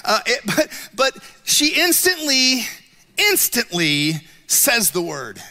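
A middle-aged male pastor giving a sermon, telling stories with lively self-mocking humor. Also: very high-pitched, takes it slowly. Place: church auditorium. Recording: long reverb of a church hall.

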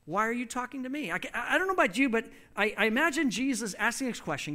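A man preaching a sermon in an emphatic, storytelling way. His voice is fairly high and bright. He pauses between phrases so an interpreter can translate. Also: sing-song.

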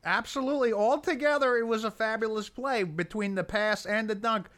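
A man with a notably high voice co-hosts a casual sports podcast. He teases his partner and talks through the games with eager, friendly banter. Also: a little fast, a bit bright. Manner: teasing, enthusiastic banter. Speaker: podcast co-host.

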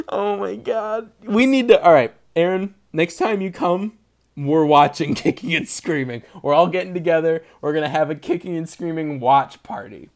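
A man's voice: on the high side, moderate pace, darkish tone. A young man hosting a podcast, chatting casually, rambling through jokes and laughing often. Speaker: podcast host. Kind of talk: casual chat.

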